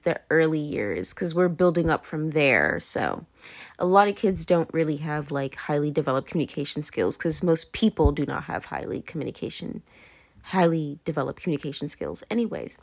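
A tipsy woman rambles through her own podcast, her low voice full of gravelly fry. She keeps dropping her thread with "anyway, moving on", laughing and slipping into whispers. It is loose, chatty solo talk. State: tipsy, drunk. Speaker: podcast host. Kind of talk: casual rambling monologue.

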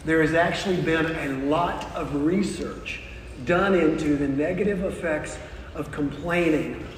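A man giving a motivational keynote talk to a live audience, telling stories with punchy pauses and quizzing the crowd. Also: a little high, distant mic, slight background noise. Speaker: motivational speaker. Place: large hall with an audience. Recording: echoey hall, long reverb, faint ambience.

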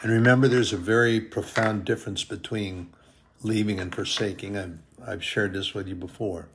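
A man preaching a sermon, slow and deliberate, drawing out his emphatic phrases. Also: fairly low pitch, fairly even intonation, fairly bright tone, slight background noise.

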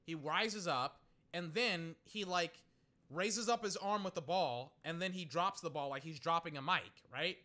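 A young man giving casual live football commentary, swinging from muttered play-by-play to loud, exasperated rants. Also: fairly high pitch, unhurried. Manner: excitable, ranting, swings between muttered play-by-play and loud outbursts. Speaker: sports commentator.

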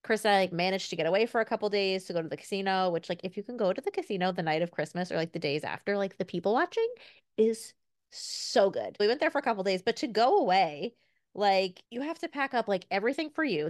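A woman's voice: mid-range voice, no echo. Chatty woman with a dry close voice. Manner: chatty, lots of fillers, acts out her toddler's lines. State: recovering from illness. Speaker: podcast co-host. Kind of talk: casual chat.

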